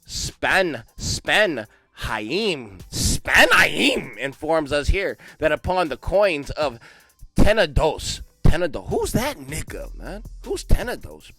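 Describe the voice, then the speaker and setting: A young man reading a history book aloud, breaking in with loud, slangy asides and dropping to quiet mumbled reading. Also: high-pitched, breathy edge, no echo. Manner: animated slangy asides between read passages. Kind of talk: casual read-along with commentary.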